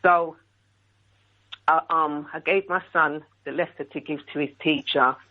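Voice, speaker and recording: A woman calling in to a radio talk show, retelling a school dispute with indignant, animated quoted dialogue. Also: low-pitched, measured pace. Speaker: radio caller. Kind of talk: call-in story telling. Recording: tinny phone line on radio.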